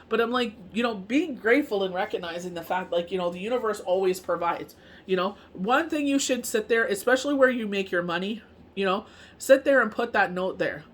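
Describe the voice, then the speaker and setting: A woman's voice: mid-range voice, a bit bright. A woman who reads tarot, talking in a casual, rambling monologue full of fillers. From Canada. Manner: rambling, heavy on fillers like "you know what I mean". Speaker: tarot reader and medium.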